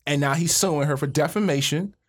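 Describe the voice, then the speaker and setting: A man co-hosting a podcast in casual chat, opinionated and animated, full of slang and repeated words when he gets going. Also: fairly high pitch, a little fast. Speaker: podcast co-host.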